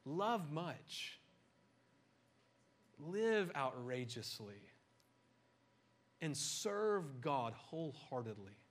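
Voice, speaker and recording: A middle-aged man preaching a conversational sermon, animated and full of joking asides. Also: on the high side, extremely slow, pauses often. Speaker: pastor.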